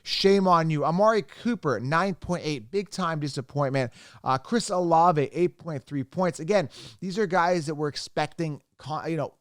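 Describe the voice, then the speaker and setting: A man's voice: on the high side, normal speed, dry recording, studio quality. A man hosting his own fantasy football show, talking in a blunt, emphatic way and hard-selling his sponsors. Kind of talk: energetic solo sports commentary.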